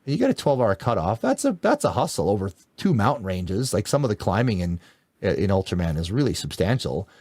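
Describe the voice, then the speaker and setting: A man's voice: on the low side, brisk, no room sound. A man in his forties from Canada, an endurance coach telling his story as a guest in a casual, enthusiastic way. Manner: lively, enthusiastic, laughs through stories.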